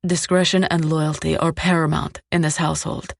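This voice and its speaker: A woman voicing a cold, commanding male crime boss who speaks calmly and with clipped threat. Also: low-pitched, normal speed, dry recording, studio quality.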